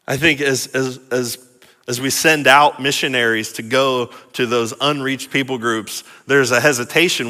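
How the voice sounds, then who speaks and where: A male pastor preaching a sermon in an earnest way, often repeating and restarting phrases, moving between quiet reflection and emphatic declaration. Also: medium pitch, fairly even intonation, normal speed, big-room sound.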